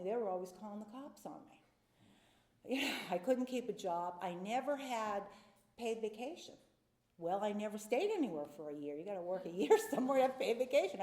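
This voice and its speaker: A woman's voice: medium pitch, mellow, reverberant. A middle-aged woman telling her recovery story at a meeting, candid and confessional, sometimes acting out the voices of people in it. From North Carolina. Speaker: AA speaker. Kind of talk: personal recovery talk from a podium.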